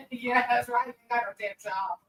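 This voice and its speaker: A woman's voice: on the high side, steady tone, normal speed, fairly bright tone, recorded from a distance. A woman on a casual panel chat, teasing and laughing a lot. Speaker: panel member. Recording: roomy, off-mic sound.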